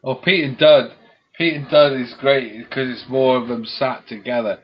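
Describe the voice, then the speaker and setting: On a live stream, a man with a mid-range voice speaks at normal speed with fairly even intonation. He retells comedy sketches, laughing, acting out the quotes, and swearing freely. The stream audio is dull and lo-fi.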